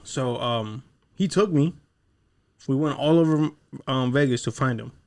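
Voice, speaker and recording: Young male podcast co-host, mid-pitched, loose storyteller who swears freely. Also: a little slow, darkish tone. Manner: laid-back, swears freely, acts out quotes. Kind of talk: casual chat, storytelling.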